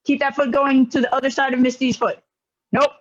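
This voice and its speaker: A man teaching a karate class online, giving brisk, encouraging commands. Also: very high-pitched, little pitch movement. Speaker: karate instructor. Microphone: video call. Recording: lo-fi video call audio.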